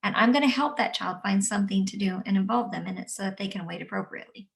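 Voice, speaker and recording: A woman who teaches young children, explaining calmly and gently and acting out what she says to kids. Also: medium pitch, fast talker, vocal fry, distant mic. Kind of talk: instructional talk. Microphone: camera mic at a distance.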